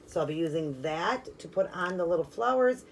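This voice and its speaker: A woman with a notably low voice walks through a nail art tutorial in a relaxed, chatty way. She fills her talk with "like" and "you know" while working with her hands. A faint hiss of noise sits under the voice. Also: normal speed. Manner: chatty and friendly, filler-heavy ("like", "you know"). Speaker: nail art channel host. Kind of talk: casual step-by-step tutorial narration.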